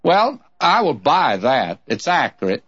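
A man's voice: mid-range voice, sing-song, measured pace, a bit bright, breathy edge. A man teaching the Bible on a taped radio program, reading scripture aloud in King James cadence and calling his listeners friend in a folksy way. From Southern California. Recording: dull lo-fi tape recording.

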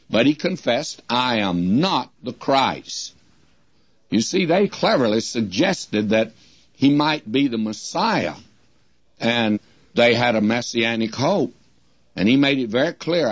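An older man delivers a radio Bible sermon at an unhurried, deliberate pace, stretching out each quoted verse. His voice is dry and close, with no room echo. The sound is dull and muffled, like an old broadcast recording. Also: medium pitch. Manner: slows to a drawn-out crawl when quoting scripture.

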